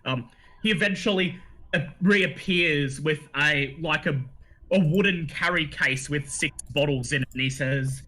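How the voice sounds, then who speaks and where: A man narrating a tabletop game as game master, describing scenes in a lively, storytelling way. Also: a little high, measured pace. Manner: animated storyteller, laughs along.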